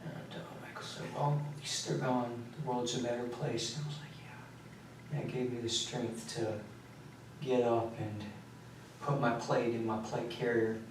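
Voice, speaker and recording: A man in his late teens, tired and worn out, recounting events in a halting, rambling way while being questioned by police. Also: mid-range voice, level tone, noisy background. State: exhausted. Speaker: suspect under questioning. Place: police interrogation room. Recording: echoey room, mic far off.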